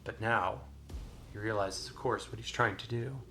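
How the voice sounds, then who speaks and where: A man narrating a solo tabletop game as game master, relaxed, with many filler sounds. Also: lowish voice, normal speed, slight background noise. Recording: voice over clear background music.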